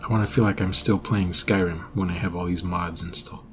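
A man with a fairly low voice talks casually over his game, rambling and correcting himself as he goes. He often drifts into quiet mutters, with faint music beneath him. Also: steady tone, brisk. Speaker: gameplay commentator. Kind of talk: casual gameplay commentary.

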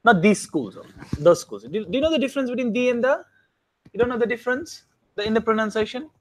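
A man teaching a classroom grammar lesson, often stopping to ask the students whether it is clear. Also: very high voice, expressive, fast talker. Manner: keeps checking understanding with questions.

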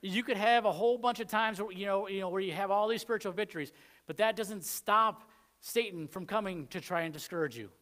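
A man's voice: sits high, fairly quick, fairly bright tone. A man with a Southern American accent preaching a sermon in a conversational way, acting out the quoted lines. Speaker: pastor.

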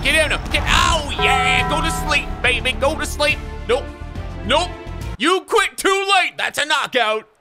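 Young male gamer, high and animated, tired, loud game music behind. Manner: excitable, yelling at the game, crude jokes. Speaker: gaming YouTuber. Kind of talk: live gameplay commentary.

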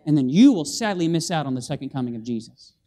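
A man preaching an animated sermon in a church, calling for amens from the congregation and acting out scenes with sound effects. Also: fairly high pitch, fast talker. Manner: animated, with call-and-response and vocal sound effects. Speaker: guest preacher. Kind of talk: lively evangelistic sermon. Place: church sanctuary.

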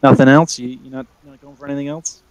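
A man's voice: medium pitch, little pitch movement, fast talker, smooth, natural voice. A man voicing a friendly male weapon shop clerk who keeps trying to sell more, with lots of hesitant fillers. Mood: salesy.

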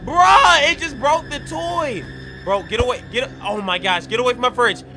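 Hyped young dude narrating a minecraft roleplay, really high voice, lots of slang, music playing clear behind. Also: male voice, moderate pace. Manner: excitable, slangy, loud reactions. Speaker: gaming channel host. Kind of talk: Minecraft role-play commentary. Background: background music.

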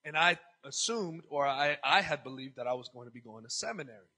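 A male pastor preaching a storytelling sermon, animated and acting out conversations, breaking into shouts. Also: medium pitch, brisk, breathy edge, poor audio.

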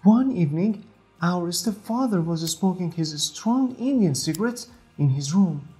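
A young woman reading a first-person story slowly and clearly for language learners. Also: on the low side, expressive, mellow. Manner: slow, clear, careful reading. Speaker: narrator. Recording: faint music behind.

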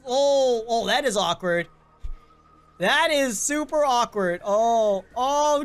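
A woman hosts a casual game playthrough in a high, bright register. She reacts loudly and dramatically to everything on screen, swinging between excited yelps and theatrical groans. Soft music plays faintly underneath. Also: normal speed. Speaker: gaming channel host. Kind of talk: casual let's-play commentary.

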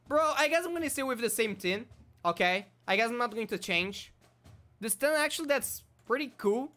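Guy narrating his game, mumbles then gets loud and hyped, faint music under it. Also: extremely high pitch, moderate pace. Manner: excitable, swings from muttering to shouting. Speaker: gaming YouTuber. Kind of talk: casual gameplay commentary.

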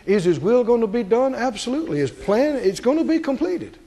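A male pastor preaching a sermon to a congregation, asking them questions and climbing to high, emphatic peaks. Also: sing-song, brisk, dark tone.

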